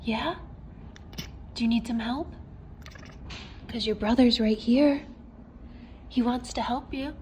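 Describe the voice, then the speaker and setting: A mother gently coaxing her young child. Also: fairly high pitch, steady tone, takes it slowly, pauses often, slight background noise.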